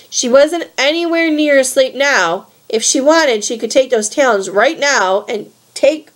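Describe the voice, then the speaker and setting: Lady reading a book chapter out loud, kinda high voice, steady and clear. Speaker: storyteller reading a novel aloud. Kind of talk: read-aloud narration.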